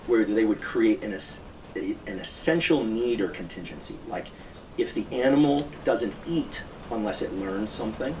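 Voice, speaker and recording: Fields: distant, low-voiced man explaining science. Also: expressive. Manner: measured, thoughtful, explains step by step. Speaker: neuroscientist guest. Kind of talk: explanatory podcast conversation. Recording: distant podcast audio with faint noise.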